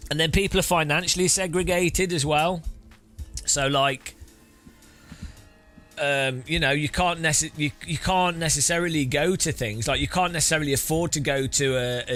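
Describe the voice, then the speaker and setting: A man's voice: on the high side, moderate pace, a bit bright, faint music behind. A man rambling casually while streaming a racing game, often restarting his sentences and chuckling. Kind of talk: casual gameplay commentary.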